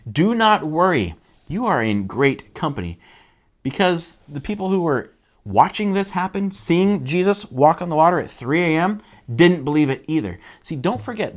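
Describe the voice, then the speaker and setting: A man giving a casual Bible teaching sermon. He asks rhetorical questions and acts out the quotes. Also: a little high. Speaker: church teacher.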